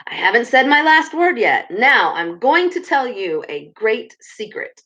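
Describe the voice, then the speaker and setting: A woman voicing a stern, wise old male badger with a severe, measured delivery, in a read-aloud storybook. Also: on the high side, big pitch swings, bright, forceful tone, dull audio, pitched above the performer's own voice, heavily acted. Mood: reassuring.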